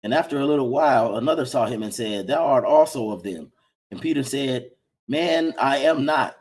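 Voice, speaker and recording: A man reading King James style scripture aloud at a steady pace during a Bible lesson. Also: mid-range voice, moderate pace, poor audio. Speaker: scripture reader.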